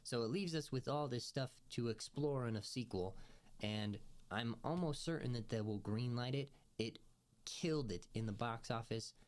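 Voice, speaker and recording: A man giving a casual movie review, rambling with many fillers and restarts. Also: medium pitch. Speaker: film reviewer.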